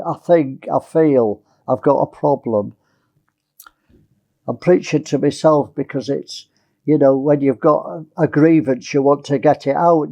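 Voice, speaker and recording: Preacher man with a mellow voice. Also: on the high side, highs cut off. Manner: conversational, asks listeners rhetorical questions. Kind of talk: sermon.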